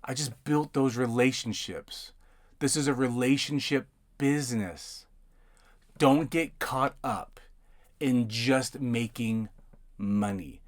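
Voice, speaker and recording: A man's voice: medium pitch, takes it slowly. A man hosting a podcast, telling work stories in a loose, rambling way from inside a parked van. He stumbles over and repeats his words, and he slips into other people's lines as he recounts them. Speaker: podcast host and notary. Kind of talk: casual storytelling monologue.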